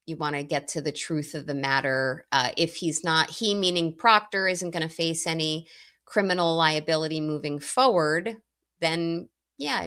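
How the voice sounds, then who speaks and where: Measured woman with a lowish voice. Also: fairly bright tone. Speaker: co-host and legal commentator. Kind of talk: casual live-stream chat.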